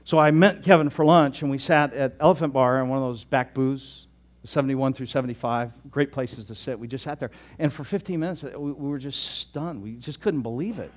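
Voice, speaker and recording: A pastor in his sixties tells a story during a sermon in a chatty, conversational way. His mid-range voice moves briskly, often repeating words and dropping into soft tones.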